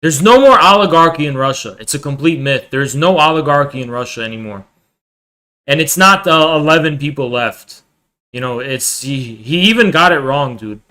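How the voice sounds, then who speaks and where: Bright-voiced man, blunt and dismissive. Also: fairly high pitch, animated, normal speed. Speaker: streamer watching a debate. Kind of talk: casual reaction commentary.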